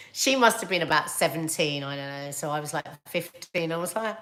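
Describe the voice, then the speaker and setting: A middle-aged woman with a British accent, hosting a casual livestream chat and telling stories in an animated, chatty way. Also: low voice, normal speed. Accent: British English. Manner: animated, chatty storytelling with laughs and asides. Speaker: livestream host reading viewer comments.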